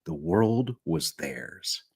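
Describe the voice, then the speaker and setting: A man's voice: sits low, big pitch swings, extremely slow, darkish tone, husky. A man narrating an audiobook live, going back over lines when he stumbles. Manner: rereads lines after stumbles. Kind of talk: reading an audiobook aloud.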